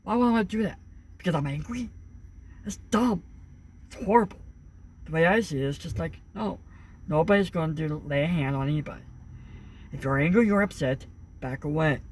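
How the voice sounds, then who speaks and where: A man's voice: a little high, normal speed, long pauses, slight background noise. A young man talking earnestly in a casual monologue, rambling with many fillers and restarts. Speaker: vlogger.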